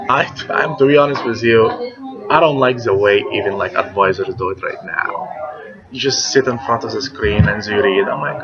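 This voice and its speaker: A man in his thirties speaks English as a second language with a gravelly edge. He tells his stories with energy and acts out the voices of the people in them. The recording is dull and lo-fi, with a crowd chattering behind him. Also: lowish voice, normal speed. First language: not English. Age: 30s. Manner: animated storyteller, acts out quoted voices. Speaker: interviewee. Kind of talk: casual interview talk.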